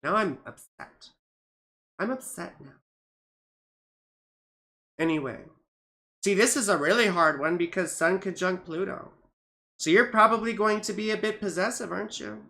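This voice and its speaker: A woman astrologer chatting casually on a livestream, rambling with many fillers and grumbling at her software. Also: medium pitch, vocal fry. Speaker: astrologer reading charts on a livestream.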